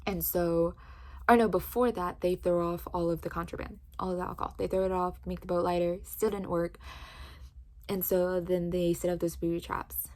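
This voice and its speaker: A woman recapping a book's plot in casual chat, telling it with lively energy and many fillers like "like". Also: fairly low pitch, moderate pace. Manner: animated storytelling with frequent "like". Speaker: book reviewer.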